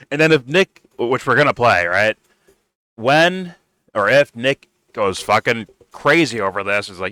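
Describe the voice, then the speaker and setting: A man giving casual, profane reaction commentary on video clips, excitable and laughing often. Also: mid-range voice, a little slow, no echo. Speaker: reaction streamer.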